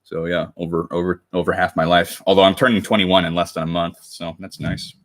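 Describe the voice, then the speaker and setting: His voice is low, level, and fairly bright, and he talks briskly. This American cosplay livestreamer in his twenties crafts while chatting casually with viewers, rambling and fixing his own words as he goes.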